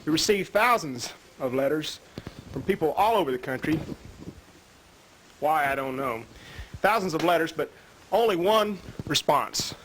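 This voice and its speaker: A man narrating and interviewing in a deadpan, earnest reporter tone for an amateur 1970s mockumentary. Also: a little high, a little slow. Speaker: mock documentary interviewer. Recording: noisy 1970s field recording.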